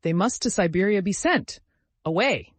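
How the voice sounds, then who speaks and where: A man's voice: high voice, lively intonation, moderate pace, dry recording, pitched above the performer's own voice. A man voicing an indignant landlady who screeches in broken phrasing. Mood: screeching. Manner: screeching, broken word order. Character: shrill foreign landlady, middle-aged woman, indignant.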